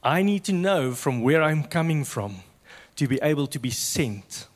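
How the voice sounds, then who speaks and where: A man preaching a sermon with passion, swinging from loud to hushed. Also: fairly high pitch, big pitch swings, a little slow, big-room sound.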